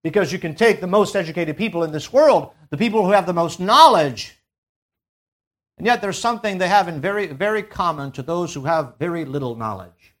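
High-pitched male preacher, emphatic sermon delivery with big swings in volume. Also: animated, a little fast, a bit bright. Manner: emphatic, swells and drops in volume; asks the congregation to fill in words.

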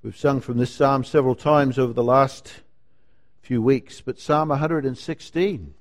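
A man preaching a sermon, slow and emphatic, rising to loud declarations and dropping to hushed lines. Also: mid-range voice. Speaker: pastor.

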